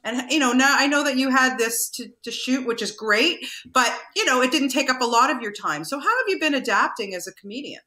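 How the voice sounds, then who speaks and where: An enthusiastic woman interviewer talks with a bright, forceful voice. She sits fairly high in her range and fills gaps with "you know". The sound has a roomy echo around her. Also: a little fast, few pauses. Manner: enthusiastic, with fillers. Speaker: interview host. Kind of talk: online video interview. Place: Canada.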